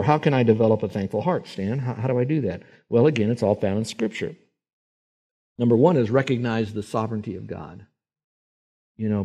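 A man preaching a sermon, animated and acting out voices when he quotes people. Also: lowish voice, breathy edge. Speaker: pastor.

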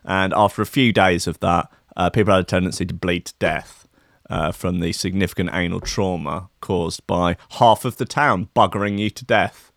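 A man's voice: low-pitched, fairly even intonation, normal speed, creaky, a bit bright, dry recording, studio quality. A man giving casual, sardonic commentary, full of crude asides and hesitant fillers. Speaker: streamer reacting to news clips and music.

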